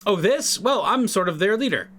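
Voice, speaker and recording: A man's voice: sits high, lively intonation, moderate pace, a bit bright, voice pushed up. A man voicing a bumbling, smelly male goblin-tribe leader in a put-on Irish accent, rambling in a chummy sing-song way. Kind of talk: reading game dialogue aloud.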